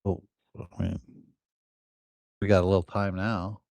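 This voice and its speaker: A man's voice: sits low, level tone, measured pace, creaky, a little mellow, no echo. A man playing a tabletop game in character, who talks in a hesitant, stammering way. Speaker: player.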